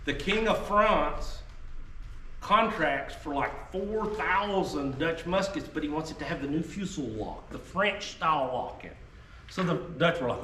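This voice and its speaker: A man's voice: on the high side, expressive, a little slow, pushed and bright, slight background noise. A man giving a casual, joking history talk to an audience, wandering off on tangents. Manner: folksy, joking, tangent-prone storyteller. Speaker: historical arms presenter. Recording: echoey room, mic far off, faint ambience.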